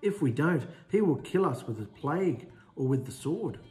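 A man's voice: on the high side, animated, normal speed, a little mellow, faint music behind, natural voice. A man voicing an exasperated male prophet who pleads and complains in casual slang. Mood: insistent.

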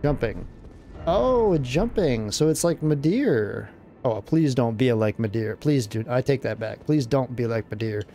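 A man giving casual, excitable let's-play commentary, blurting out exclamations as he plays. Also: medium pitch, moderate pace, a little hiss or hum. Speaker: gameplay commentator.

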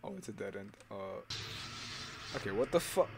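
A man's voice: on the low side, moderate pace, background noise. A young man playing a horror game and commenting live, swearing a lot, yelping at scares and repeating himself. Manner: swearing, jumpy, yelps and screams at scares; loud, excitable, repeats himself. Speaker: gaming YouTuber.

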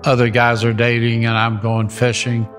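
Older man, ministry founder, animated storyteller, repeats himself for emphasis, average pitch. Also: normal speed, faint music behind. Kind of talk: storytelling interview.

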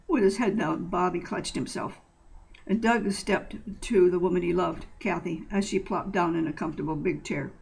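A woman reading a short story aloud in a plain, steady way with occasional slips. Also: on the low side, normal speed, gravelly, slightly rough, low-quality recording. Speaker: narrator.

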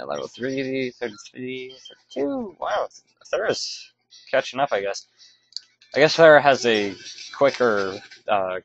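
A man's voice: medium pitch, muffled recording, slight background noise. A man giving casual, rambling commentary over his own gameplay, often stopping to correct himself. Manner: rambling, self-correcting, offhand. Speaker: let's play commentator.

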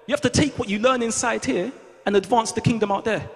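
A man preaching a fervent sermon in a church, calling on the congregation to repeat after him and rising to shouts. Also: very high voice, steady tone, fast talker, creaky. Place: church hall. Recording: long reverb of a large hall.

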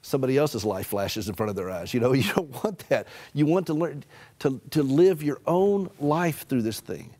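A middle-aged man with a Southern US accent, telling folksy stories with humor and dropping to a gentle hush for emphasis as a guest on a Christian TV talk show. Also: medium pitch, expressive, normal speed. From American South. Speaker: author and caregiver advocate.

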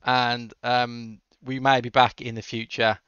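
Bright clear-voiced man hosting a livestream. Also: medium pitch, level tone, a little slow, dry recording, highs cut off. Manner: answers chat questions with dry jokes. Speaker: livestream host. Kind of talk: casual coding livestream chat.

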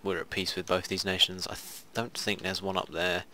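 A man with a low, monotone voice talks at a normal speed, his tone sharp, with a little hiss or hum in the audio. He's a gaming video host doing casual let's play commentary on a strategy game, rambling along and muttering asides to himself.

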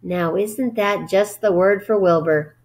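Woman reading a brisk, cheerful farmer. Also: medium pitch, a little mellow.

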